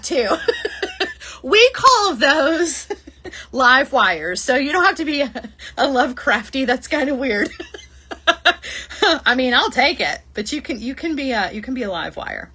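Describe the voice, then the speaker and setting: Southern woman, middle-aged, bright higher voice, chatty livestream host who laughs a lot. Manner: chatty, laughs often, reads out viewer comments. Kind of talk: casual livestream chat.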